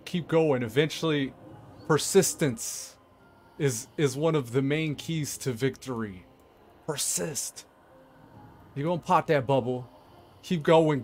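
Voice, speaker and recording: A man's voice: medium pitch, slight background noise. A man giving casual, rambling commentary while playing a game, laughing often and talking to himself. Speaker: gameplay streamer.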